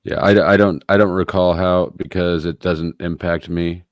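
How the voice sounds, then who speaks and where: A man's voice: sits low, steady tone, normal speed, no echo, clean studio sound. A man hosting a live online panel, joking and explaining things in an offhand way. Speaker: host. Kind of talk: casual live panel chat.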